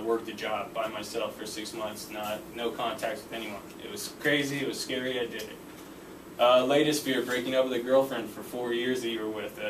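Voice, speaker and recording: A young man giving a casual personal speech, full of fillers like "uh" and "pretty much". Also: mid-range voice. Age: young adult. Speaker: speaker giving a class speech. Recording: roomy echo, from far off, faint background noise.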